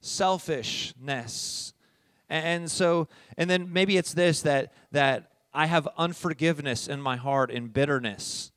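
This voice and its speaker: A middle-aged pastor preaching a sermon in a conversational way, often checking in with "all right?" and moving from soft asides to loud emphasis. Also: male voice, on the high side, takes it slowly, no room sound, studio quality.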